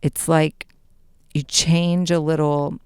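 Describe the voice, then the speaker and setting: Lady podcast host hyping you up, kinda low smooth voice, super dry close sound. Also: takes it slowly, dry recording. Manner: animated, playful, mock-dramatic asides. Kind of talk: motivational monologue.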